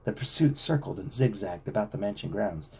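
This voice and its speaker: A man reading a novel aloud to a child at home, with expressive storytelling. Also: lowish voice, a little fast, breathy edge.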